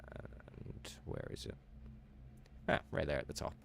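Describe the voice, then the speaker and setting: A man's voice: measured pace, background noise. A man streaming a game live, chatting casually and teasing viewers in a playful way.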